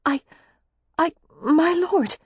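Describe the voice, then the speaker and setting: A woman voicing a lively young American heiress who speaks in quick, bright exclamations. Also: mid-range voice, breathy edge, no echo, pitched above the performer's own voice. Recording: slightly muffled lo-fi recording.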